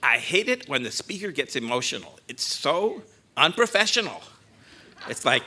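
A man in his sixties, the guest preacher at a church, gets emotional at the start of his sermon in the sanctuary, choking up and teasing himself. His slightly high voice is very animated, bright and forceful, delivered at a moderate pace.

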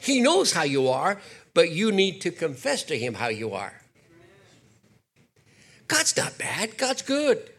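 An older man preaching a sermon, animated, slipping into acted quotes and jokey asides. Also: high voice, takes it slowly, pauses often, breathy edge. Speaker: pastor.

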